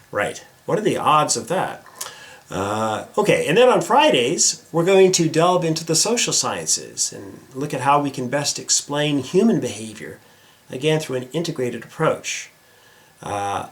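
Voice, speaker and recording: A middle-aged man from the United States hosting a casual vlog, chatty and self-deprecating, with frequent filler words. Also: medium pitch. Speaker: vlog host. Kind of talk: casual direct-to-camera vlog.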